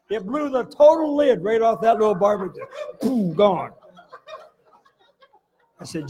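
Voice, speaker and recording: A middle-aged pastor telling a folksy, laughing story in a sermon, with sudden loud bursts. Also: male voice, sits high, expressive, a little slow, pauses often, some chatter behind.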